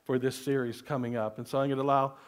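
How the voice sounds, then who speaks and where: A male pastor preaching a sermon, telling a personal story in an earnest voice that often drops to soft, hushed tones. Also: medium pitch, level tone, quick pace.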